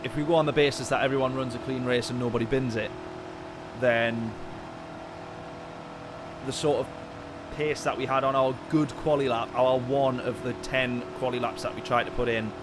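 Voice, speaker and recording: A man commentating live on a sim-racing stream, chatting with viewers in his chat and getting excitable in the race. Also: medium pitch, moderate pace, pauses often, background noise. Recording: game music behind voice. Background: game music and car engine sounds.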